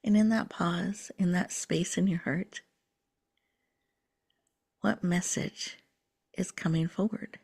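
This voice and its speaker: Soft-spoken woman guiding a meditation. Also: fairly low pitch, steady tone, breathy edge. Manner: slow, soothing, drops to whispers. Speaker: host. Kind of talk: guided breathing meditation.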